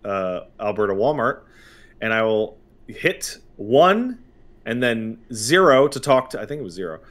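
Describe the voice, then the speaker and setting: Fairly low in pitch and measured in pace, this Canadian-accented man from Montreal hosts a casual podcast. He tells his stories animatedly, with plenty of jokes.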